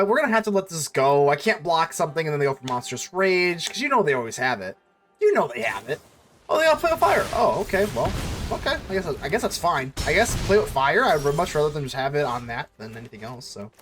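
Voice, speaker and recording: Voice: medium pitch, animated, fast talker, soft background music. A card game streamer thinking aloud through a match, fretting and scolding themselves over mistakes in casual commentary.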